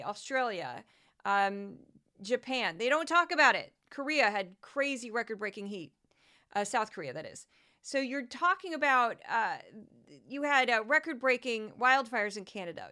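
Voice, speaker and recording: Bright, worked-up woman podcast host. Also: a little high, smooth. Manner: animated, gets worked up and indignant; talks in long lists with filler ums and uhs. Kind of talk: political commentary podcast.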